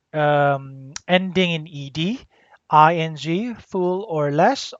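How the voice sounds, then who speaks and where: A teacher giving a grammar lesson, deliberately spelling out letters and repeating the rules. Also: mid-range voice, no room sound. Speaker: English teacher. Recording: dull lo-fi dry recording.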